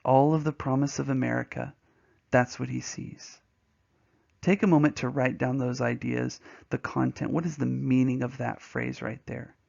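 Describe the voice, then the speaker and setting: A man teaching a poetry lesson, telling a story in an animated way and acting out voices and sounds along the way. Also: mid-range voice, normal speed, vocal fry, dull audio.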